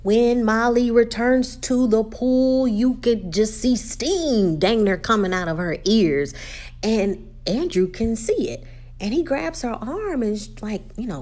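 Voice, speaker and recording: A woman talks through a TV episode in a relaxed, chatty way. Her pitch swings widely as she tells the story, and she drops into the characters' voices while filling her sentences with "you know" and "like.". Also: unhurried. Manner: animated storytelling, acts out characters' quotes; frequent "you know" and "like" fillers. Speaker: YouTube TV recapper. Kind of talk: casual episode recap.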